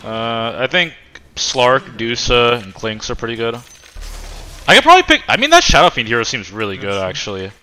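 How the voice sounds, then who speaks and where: A man's voice: medium pitch, animated, moderate pace, bright, forceful tone, smooth. A man casually commenting on his own gameplay, joking and swearing loosely. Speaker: streamer playing a video game.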